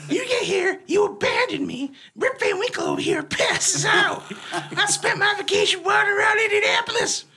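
Man putting on a high, shouting, indignant young guy, wildly swooping voice, bright and sharp. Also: big pitch swings, moderate pace, creaky, a crowd in the background, full character voice. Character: groggy furious young man friend.

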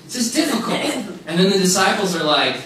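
Emphatic preacher in a very echoey room. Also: male voice, high voice, big pitch swings, a little fast, bright, forceful tone. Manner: emphatic, repeats key phrases, casual asides. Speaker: pastor. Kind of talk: sermon. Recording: very echoey room, mic far off, faint noise.

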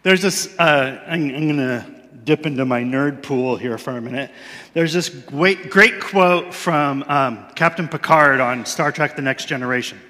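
A man's voice: medium pitch, unhurried, pushed and bright. A man preaching a sermon in a church in a loose, conversational way, laughing at himself now and then. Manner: conversational, self-deprecating, laughs often. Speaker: pastor. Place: church sanctuary. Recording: long reverb of a large hall.

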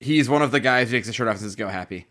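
A man in the middle of an easygoing podcast chat, co-hosting with friends. He tells stories in an animated way and swears freely. His voice sits at an ordinary, mid-range pitch. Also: rapid-fire. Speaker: podcast co-host.

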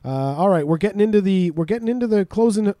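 A man with a high voice runs a casual podcast quiz. He laughs a lot, swears freely and teases his guest. The sound is dry and close. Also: fast talker, mellow, dry recording. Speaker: podcast host. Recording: remote podcast call.

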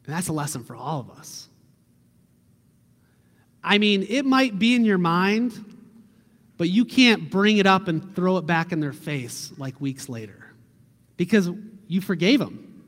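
A middle-aged man preaching a sermon as a pastor, earnest and conversational, ending with a quiet prayer. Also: sits high, expressive, measured pace, long pauses, long reverb tail.

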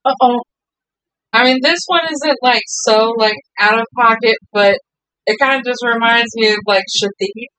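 A woman's voice: fairly high pitch, moderate pace, sharp tone, low-quality recording. A woman co-hosting a casual chat, giggly and teasing as she reacts to the others.

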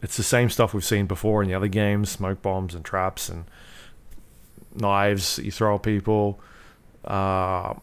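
A man with a fairly low voice chats casually as a podcast co-host. He rambles, leans heavily on fillers and swears without a second thought. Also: little pitch movement, unhurried, clear, resonant tone. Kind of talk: casual chat about video games.

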